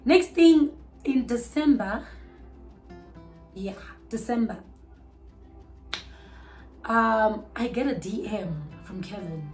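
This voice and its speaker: A young South African woman telling a storytime vlog with animated, outraged bursts. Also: a little high, takes it slowly, long pauses, faint music behind, rough recording. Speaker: vlogger.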